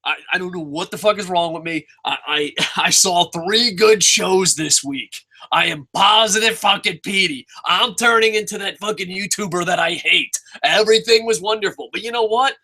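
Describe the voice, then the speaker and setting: A young man from New Jersey giving a rambling, excitable wrestling review, swearing constantly and poking fun at himself. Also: sits high, normal speed, hardly any pauses. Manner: excitable, rambling, heavy swearing, self-mocking. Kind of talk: casual profane review rant.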